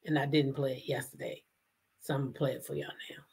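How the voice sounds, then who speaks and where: A woman hosts a casual commentary show in a rumbling low, level voice that is creaky, darkish, and slightly breathy. She talks fast and emphatically, repeating her points and firing off rhetorical questions.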